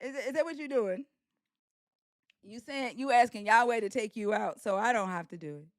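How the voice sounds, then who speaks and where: A woman's voice: on the high side, moderate pace, no room sound, studio quality. A woman hosting a live stream, talking in a brash, profane, taunting way. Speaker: livestream host. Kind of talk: heated live-stream rant.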